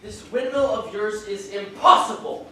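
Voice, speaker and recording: A man's voice: high voice, unhurried, pushed and bright, a little hiss or hum, full character voice. A teenage boy on a school stage playing a stubborn, scheming pig who argues bluntly. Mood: dismissive. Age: teens. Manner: blunt, dismissive arguing. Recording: echoey hall, mic far off.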